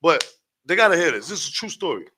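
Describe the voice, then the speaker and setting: A young Brooklyn man with a New York accent tells a story at a rapid clip, in a voice set a bit higher than most men's. He is a rapper on a guest spot, swearing freely and jumping into other people's voices as he goes. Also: sing-song, sharp tone, a little hiss or hum, rough recording. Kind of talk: animated storytelling.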